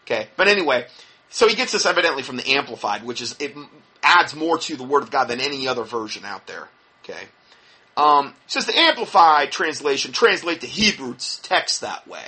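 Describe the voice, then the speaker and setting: Sarcastic, indignant husky man. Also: medium pitch, animated, brisk, sharp tone. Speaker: religious commentator. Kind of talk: critical commentary on a preacher.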